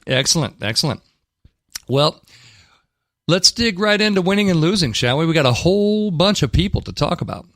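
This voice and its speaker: A man's voice: on the high side, sing-song, moderate pace, fairly bright tone, no echo. A man hosting a talk radio show in a studio, giving blunt, emphatic opinions with frequent restarts. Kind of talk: casual talk radio commentary.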